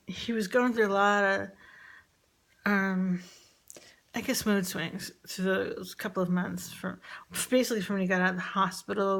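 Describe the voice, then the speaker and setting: A woman telling a personal story in a halting, reflective way, with many fillers and restarts. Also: medium pitch, gravelly. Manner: quiet, reflective, confessional.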